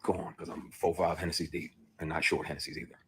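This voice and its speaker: A man's voice: low-pitched, level tone, quick pace, fairly bright tone, a little hiss or hum. A man, an actor, bluntly and emotionally recounting a personal ordeal, with profanity. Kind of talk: played clip of a personal account.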